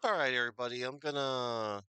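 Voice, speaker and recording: Man, streamer sign-off chat, bright crisp voice, rambling and thankful, dry close mic. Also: mid-range voice, brisk, no room sound. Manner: rambling, thankful, chatty with fillers.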